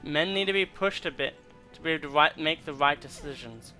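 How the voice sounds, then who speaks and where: A man's voice: on the high side, fairly quick, sharp tone, soft background music. A young man giving casual commentary while he plays a game, rambling and reading in-game text aloud with stumbles. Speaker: gameplay streamer.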